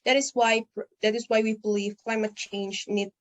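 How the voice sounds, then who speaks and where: Female student delegate, slightly high pitch, formal prepared speech with halting restarts. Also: level tone, rough recording.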